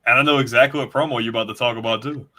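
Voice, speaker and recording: A man in casual chat, excitable and full of mild slang while recalling moments. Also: medium pitch, racing.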